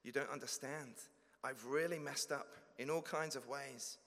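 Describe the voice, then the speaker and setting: A man's voice: mid-range voice, moderate pace, gravelly, voice pushed up, lightly acted. A man reading aloud the part of an anxious believer confessing his failures to Jesus, in a church. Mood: pleading. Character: anxious guilt-ridden believer pleading with Jesus. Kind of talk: dramatic reading of a dialogue. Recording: long echo of a large hall.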